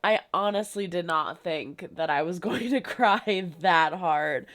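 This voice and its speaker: A woman's voice: on the low side, a little slow, a bit bright. A young woman hosting a reaction channel, gushing in casual commentary and peppering her talk with fillers. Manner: gushing, effusive, frequent "like" fillers.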